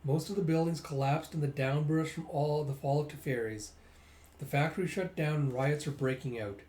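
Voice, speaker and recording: Give me a calm, confident male leader explaining his plan, read by a man, in a slightly echoey room. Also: a little high, normal speed, lightly acted. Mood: measured. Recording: roomy echo.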